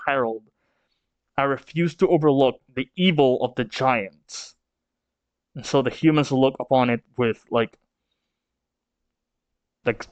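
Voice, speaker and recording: A man's voice: mid-range voice, no echo, muffled recording. Hesitant male manga reaction host. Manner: hesitant, filler-heavy. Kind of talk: casual read-along commentary.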